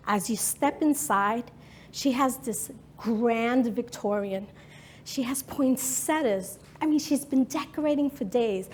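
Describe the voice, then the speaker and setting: Speaking in a slightly high voice, a New York woman in her fifties recounts a personal story during a talk. She uses emotional, dramatic present-tense narration.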